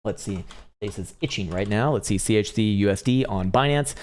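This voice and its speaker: Casual swearing male crypto streamer. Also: fairly quick. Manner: swears freely, thinks aloud while reading charts; bursts into excited, high-pitched cheering. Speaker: livestream host answering chat about crypto charts. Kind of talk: casual live chart analysis.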